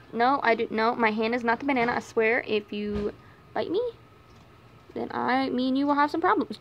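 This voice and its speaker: A woman's voice: brisk, gravelly, muffled recording, slight background noise. A young woman vlogging at home by a bunny cage. She talks casually to her viewers and coos and scolds the pets in a sing-song voice, with the camera resting on her knees. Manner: chatty, coos and scolds pet bunnies in a high sing-song voice. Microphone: handheld camera set on her knees.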